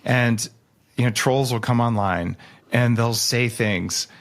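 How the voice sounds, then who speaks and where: A man, a guest author on a podcast, talking casually with animated, jokey storytelling and sudden jumps in pitch. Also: takes it slowly.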